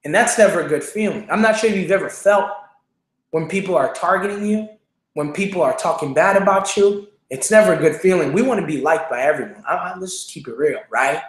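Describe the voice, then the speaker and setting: A man's voice: sits high, a little fast, echoey room. A young man hosting a show, telling a motivational personal story in an earnest, repetitive way with many fillers. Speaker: show host, speaker.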